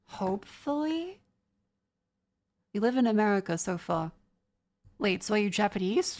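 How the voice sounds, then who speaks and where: A woman's voice: medium pitch, darkish tone. Chatty Australian woman streamer. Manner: chatty, quick restarts, reading chat aloud. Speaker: vtuber streamer. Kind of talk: casual stream chat reading comments.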